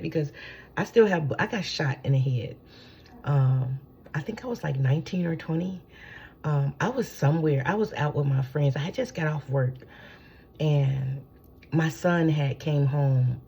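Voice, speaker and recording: A woman with a low, gravelly voice talks from home in a loose spiritual teaching. She rambles, swears freely and keeps checking in with her listeners. Her tone is dark and a little husky. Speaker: spiritual channeler. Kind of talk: casual spiritual teaching talk.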